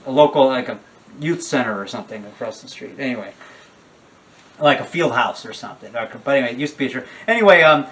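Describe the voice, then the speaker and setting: A man's voice: mid-range voice, animated, fast, a bit bright, far from the mic. Older man rambling off-topic. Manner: rambling, digressive, with many restarts and asides. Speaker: guest, horror filmmaker. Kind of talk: casual rambling talk.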